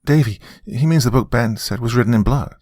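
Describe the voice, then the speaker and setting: A man voices a young mother, pitching his husky, medium voice above his natural range and acting it heavily with huge pitch swings. At normal speed, she blurts out hasty, feigned innocence, in a dry, clean studio recording.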